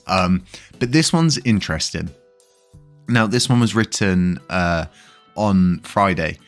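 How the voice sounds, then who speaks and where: A man with a very deep, low voice speaks in an easygoing, unscripted way, full of ums and restarts. He sounds like a vlogger chatting straight to his audience, while soft music plays quietly behind him. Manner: chatty, many fillers and restarts, chuckles now and then. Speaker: crypto news vlogger. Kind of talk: casual commentary to camera.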